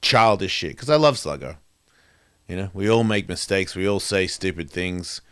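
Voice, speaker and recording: A man's voice: low-pitched, animated, moderate pace, a bit bright, clear, resonant tone, no echo, studio quality. A middle-aged man, hosting his show and speaking candidly in a profane, rambling, confessional way. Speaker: host. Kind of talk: candid monologue.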